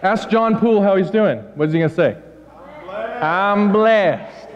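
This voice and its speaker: A middle-aged male pastor delivers a lively, joking sermon in a high voice, slipping into quoted lines. The recording is dull and muffled, and a long reverb hangs on every phrase from the church hall. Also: a little fast, background noise. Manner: animated, joking, acts out quotes.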